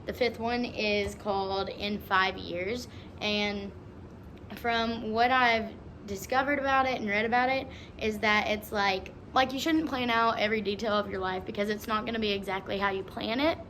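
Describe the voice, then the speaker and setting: A woman's voice: medium pitch, fairly even intonation, normal speed, fairly bright tone, a little hiss or hum. A young woman in her twenties vlogging in a chatty, giggly way, with lots of "like" and "um". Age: 20s. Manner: chatty and giggly, many fillers like "like" and "um". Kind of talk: casual vlog chat.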